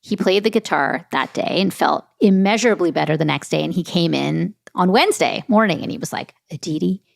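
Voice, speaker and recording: A woman doctor being interviewed on a podcast, talking in a relaxed conversational way. Her voice has a gravelly, creaky texture, and she is recorded close and dry. She tells stories animatedly and acts out each quoted line. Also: fairly low pitch, fairly quick, few pauses, no room sound. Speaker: physician and author, guest.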